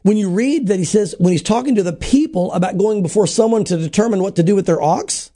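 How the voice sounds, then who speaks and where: Pastor guy explaining bible stuff on a podcast, fairly high voice but soft mellow tone, jumps into little character voices, lots of restarts. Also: fast. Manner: acts out biblical dialogue in quoted voices, many restarts. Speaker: pastor, show regular. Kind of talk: Bible teaching in a podcast conversation.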